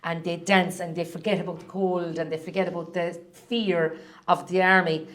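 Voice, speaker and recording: Middle-aged cork woman rambling through stories on a podcast, lowish voice. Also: flat delivery, fairly bright tone. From Ireland. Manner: chatty storytelling, quick rambling asides. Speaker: guest singer-songwriter. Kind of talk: casual podcast interview.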